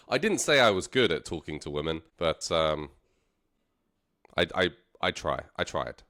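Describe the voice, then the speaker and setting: A London English teacher tells a story for learners, repeating phrases slowly and playfully. His pitch swings widely from high to low, and he stays animated throughout, laughing along the way.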